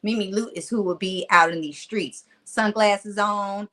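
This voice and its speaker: Unhurried and medium in pitch, a forties-aged motivational speaker with a Southern country twang relates stories in a casual interview. She's animated throughout and laughs frequently.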